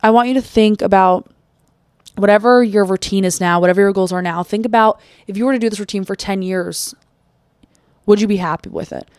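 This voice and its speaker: A woman's voice: mid-range voice, a little mellow, smooth, dry recording, studio quality. A woman hosting a solo motivational podcast. She talks bluntly, swears freely, fires off rhetorical questions and acts out the inner voices she quotes. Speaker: podcast host.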